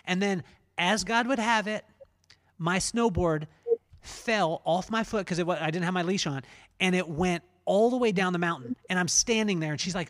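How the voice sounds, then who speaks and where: Higher-voiced man hosting a podcast. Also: normal speed, a bit bright. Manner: self-deprecating, rambling with restarts. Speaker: podcast host. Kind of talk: casual storytelling interview.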